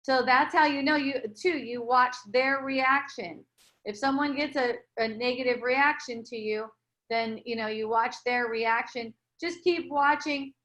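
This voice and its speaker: Reassuring woman with a high voice. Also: a little slow. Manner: gentle, reassuring, rambling with restarts. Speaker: spiritual teacher. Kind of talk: casual spiritual dialogue.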